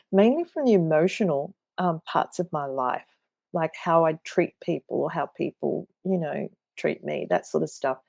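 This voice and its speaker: An Australian woman in her thirties tells her story earnestly, often stopping to restart her sentences. Her voice sits low and has a gravelly edge. The recording is dry and dull, with little room sound and muted highs. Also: dark tone, dry recording. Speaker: guest. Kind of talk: recounting a personal experience.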